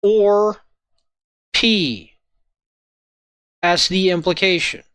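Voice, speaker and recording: A man walking viewers through a logic lesson in a halting way, often checking in with "right?" and "okay?". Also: high voice, a bit bright, smooth, no echo. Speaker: logic tutor. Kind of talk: informal lesson walkthrough.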